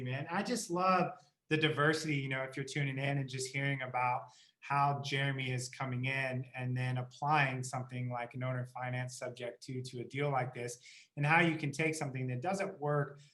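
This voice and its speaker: A man's voice: mid-range voice, a bit bright. A man hosting a real estate podcast, interviewing a guest in an enthusiastic, promotional way. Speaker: podcast host. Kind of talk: casual interview chat.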